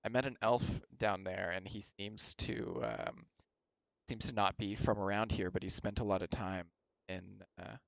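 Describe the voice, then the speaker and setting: A man talking casually as a player in a tabletop game, with a low, smooth voice. He hesitates often and uses many fillers. The sound is dry and close. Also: steady tone, moderate pace, no echo.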